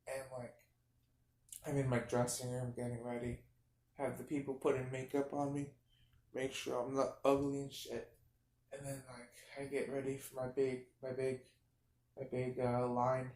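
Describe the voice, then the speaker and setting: A man's voice: mid-range voice, moderate pace, slight background noise. A young man improvising a rambling, absurd story, full of fillers and restarts. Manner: meandering, filler-heavy, deadpan absurd. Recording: echoey room.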